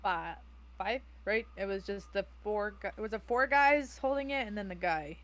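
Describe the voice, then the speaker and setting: A woman's voice: medium pitch, normal speed, a bit bright, poor audio. A woman playing a tabletop game, rambling and correcting herself, swearing casually as she talks. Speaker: player. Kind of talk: casual tabletop role-play.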